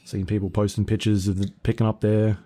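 A man co-hosting a gaming podcast, chatting in a relaxed, hesitant way. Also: lowish voice, a little fast. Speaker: podcast co-host. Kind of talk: casual chat.

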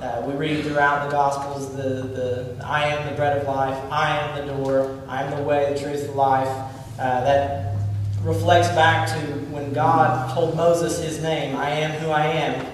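A man's voice: on the high side, flat delivery, a little slow, few pauses. A man leading an informal Bible teaching, speaking conversationally with many fillers and restarts. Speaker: Bible study leader. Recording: distant mic in an echoey hall, faint room noise.

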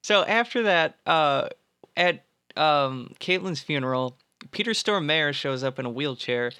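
A man with a bright, forceful voice and a slightly raised pitch recaps a movie plot for a podcast. He chats casually, swears freely and laughs between lines. The sound is close and dry. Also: animated, measured pace, clean tone, no echo. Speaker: podcast co-host. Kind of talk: casual movie review chat.

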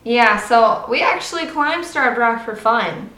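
A woman from Illinois co-hosts a casual true-crime podcast, her fairly high voice bouncing around a roomy space. She chimes in with quick reactions and wry jokes. The tone is relaxed and conversational. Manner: lively reactions, joking asides. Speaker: podcast co-host. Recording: echoey room.

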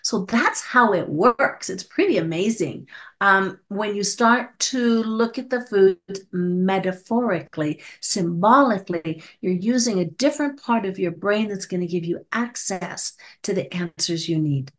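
A woman who is a psychologist guest on a podcast interview, telling stories and acting out her clients' lines with animated shifts of voice. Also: mid-range voice, unhurried.

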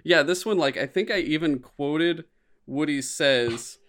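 A man chatting casually about a film with friends, animated and swearing, often breaking into squeaky impressions. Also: a little slow.

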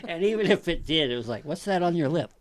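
A man's voice: on the high side, lively intonation, fast talker. A man hosting a casual chat, reading notes aloud with wry asides and frequent laughs. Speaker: host.

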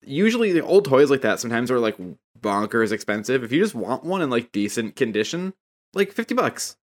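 A man's voice: medium pitch, very animated, fairly quick. A man in a casual podcast chat, explaining jokes at length to his co-hosts. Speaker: podcast co-host.

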